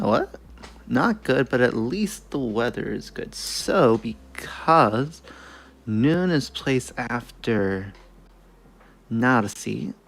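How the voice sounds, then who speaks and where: Slow, gravelly man on a study stream. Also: medium pitch. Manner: muttering, self-correcting, swears casually. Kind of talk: casual study stream, thinking aloud.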